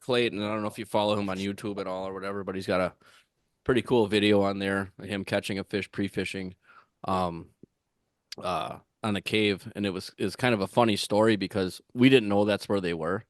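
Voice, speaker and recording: A man telling a rambling fishing-tournament story on a podcast, with lots of fillers and restarts, getting animated when he acts out what others said. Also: lowish voice, a little fast, no echo, clean studio sound. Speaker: tournament angler guest.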